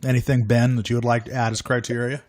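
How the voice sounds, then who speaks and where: A man's voice: medium pitch, flat delivery, fast, darkish tone, no echo. A man hosting a casual chat show, upbeat and joking, with a self-deprecating streak. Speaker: podcast host.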